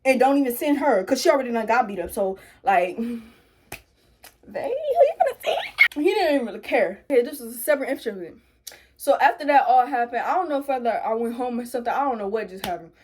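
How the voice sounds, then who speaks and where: A woman's voice: quick pace, a little hiss or hum. A young woman, casually telling a storytime and animatedly acting out quotes. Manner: animated, acts out quotes in a high voice. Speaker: vlogger.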